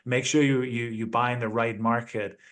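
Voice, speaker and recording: A male guest in a conversational interview with an ordinary mid-range voice. He speaks in a relaxed, reflective way, often checking in with a quick question after each point. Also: medium pitch. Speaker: guest, apartment investor.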